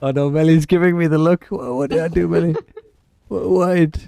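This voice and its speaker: A man's voice: fairly high pitch, steady tone, moderate pace, vocal fry, dark tone, dry recording. Chatty South African man streaming. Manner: rambling, chatty, reads and answers chat. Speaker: livestream host and gamer. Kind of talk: casual livestream chat.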